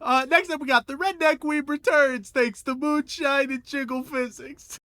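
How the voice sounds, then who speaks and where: A man co-hosting a podcast in casual chat, excitable and quick to laugh and swear. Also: extremely high pitch, dry recording. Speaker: podcast co-host reading listener prompts.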